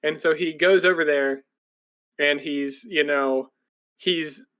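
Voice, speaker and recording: A man's voice: steady tone, slow, a bit bright. A man co-hosting a podcast, casually retelling an anime plot in a rambling way, full of "like"s, and now and then slipping into breathless character voices. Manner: rambling, filler-heavy storytelling with many "like"s; jumps into breathless, high-pitched voices when quoting characters. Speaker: podcast co-host.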